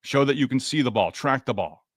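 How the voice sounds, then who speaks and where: A man's voice: mid-range voice, lively intonation, no echo, studio quality. Chatty man hosting a baseball podcast. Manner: chatty, greets chatters by name, quick asides. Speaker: podcast host. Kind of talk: casual post-game sports talk reading live chat.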